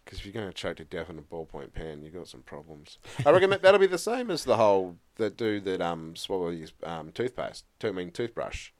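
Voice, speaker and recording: A man's voice: low-pitched, sing-song, brisk, hardly any pauses. A middle-aged man co-hosting a podcast in casual chat, joking and teasing. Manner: joking, teasing, laughs often. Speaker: podcast co-host. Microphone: studio microphone.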